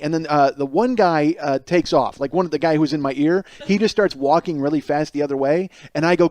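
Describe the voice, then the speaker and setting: A man's voice: a little high, quick pace, a little mellow, no echo. A man hosting a podcast, telling a profane, self-mocking comic story alone and acting out the people in it. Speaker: podcast host. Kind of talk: comedic storytelling monologue.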